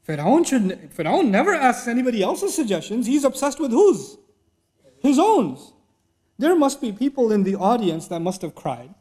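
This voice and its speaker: A man's voice: very high voice, sing-song, moderate pace, darkish tone. A man giving a sermon lecture, retelling a story animatedly with rhetorical questions. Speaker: Islamic speaker.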